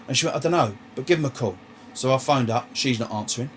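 Animated man telling a story. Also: medium pitch, fast talker, a little hiss or hum. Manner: animated, swearing, retells dialogue. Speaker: podcast host. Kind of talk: casual storytelling chat.

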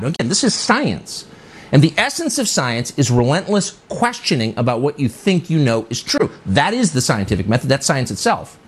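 A man's voice: mid-range voice, breathy edge. A man hosting a commentary show, delivering an indignant, sarcastic opinion monologue with heavy emphasis.

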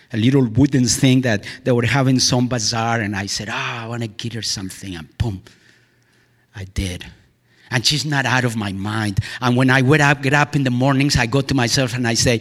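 A man rambling through a heartfelt personal monologue, veering from excited outbursts to hushed, near-whispered lines, with frequent laughs and exclamations. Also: medium pitch, long reverb tail. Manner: laughs often, sighs and exclaims.

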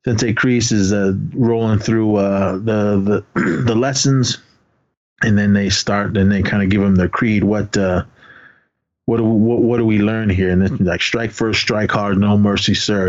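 A man with a fairly low voice chats casually on a podcast, recapping a movie scene by scene. He rambles and hesitates, filling gaps with "uh" while acting out the characters' lines. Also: steady tone, a little slow, darkish tone, highs cut off. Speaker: podcast co-host.

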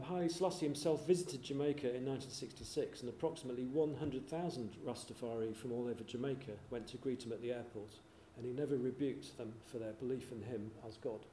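With a medium-pitched, mellow voice, this panel show host runs the trivia segment, reading facts aloud and putting questions to the panel. The room is echoey and there's a faint hiss.

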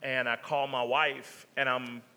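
Man, pastor, conversational sermon, bright voice, echoing church hall. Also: medium pitch, flat delivery, unhurried, smooth. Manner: conversational preaching, many restarts. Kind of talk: sermon storytelling. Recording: reverberant sanctuary sound.

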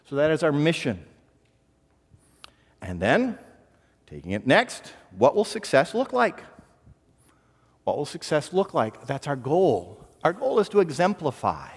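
A man's voice: a little high, huge pitch swings, unhurried, long pauses, breathy edge, long reverb tail. A man preaching a sermon as pastor, earnest, often repeating a word as he restarts a phrase.

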